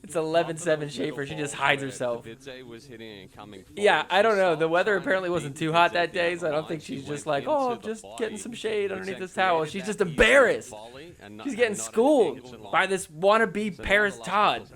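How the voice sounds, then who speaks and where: Sarcastic man with a lively voice. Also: on the high side, moderate pace. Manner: sarcastic, teasing, laughs often. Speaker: podcast host. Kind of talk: casual commentary over match clips.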